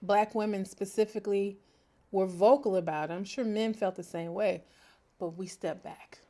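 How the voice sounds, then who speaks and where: A middle-aged woman hosts her own podcast, talking in an animated, heartfelt way. Her voice sits in a mid range. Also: medium pitch, normal speed. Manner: expressive, animated, breaks into laughter and sings snatches. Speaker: podcast host. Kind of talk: reflective solo podcast talk.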